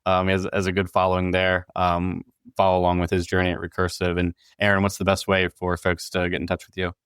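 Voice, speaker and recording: A man hosting a podcast, talking in a relaxed, agreeable way with many fillers. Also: deep voice, fast, clean tone, dry recording, clean studio sound. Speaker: podcast host. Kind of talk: casual podcast conversation.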